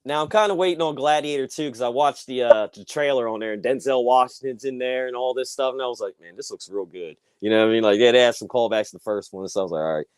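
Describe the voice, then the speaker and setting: A man's voice: medium pitch, fast, few pauses, smooth, no echo. A man co-hosting a casual chat show, rambling and laid-back with lots of fillers. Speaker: podcast co-host.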